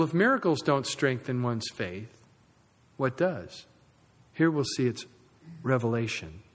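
A male pastor preaching a sermon, his pitch leaping between loud emphatic peaks and hushed, low asides. His voice sits a little high for a man. The long reverb of a large sanctuary hangs behind every phrase. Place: church sanctuary.

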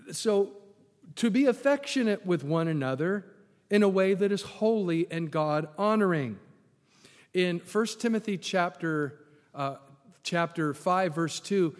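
A man's voice: a little high, a little mellow, long reverb tail. A man preaching a sermon as a pastor, conversational and emphatic, with his voice swinging up when he stresses a point.

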